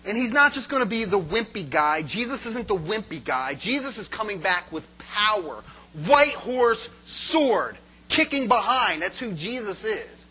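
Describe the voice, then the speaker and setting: A male preacher with a high, bright voice delivers a lively sermon, throwing questions out to the congregation and building to loud, rising peaks. His tone stays crisp and forward as he sometimes drifts away from the mic. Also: measured pace, low-quality recording. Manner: energetic, call-and-response with congregation.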